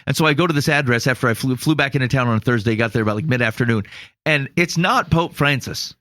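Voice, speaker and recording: A man's voice: medium pitch, fast talker, fairly bright tone, no room sound, clean studio sound. A man from Iowa co-hosting a podcast, telling a long story casually and laughing at himself. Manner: rambling, self-mocking, laughs through his story. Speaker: podcast co-host.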